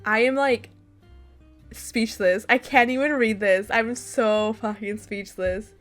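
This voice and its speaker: A young woman streaming a visual novel, reacting with loud disbelief and swearing. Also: a little high, steady tone, slow, faint music behind.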